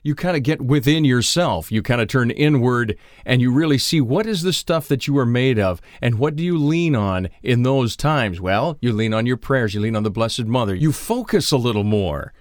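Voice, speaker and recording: A man's voice: mid-range voice, expressive, normal speed, hardly any pauses, no echo. A man co-hosting a morning radio show, chatting loosely in a studio with lots of fillers. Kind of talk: casual radio chat.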